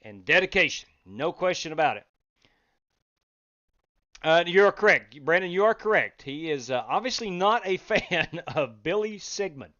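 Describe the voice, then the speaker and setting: A man hosting a sim racing league live stream, chatting casually, reading out chat and breaking into loud exclamations. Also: high voice, sing-song, moderate pace, lo-fi sound. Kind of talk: live-stream race commentary.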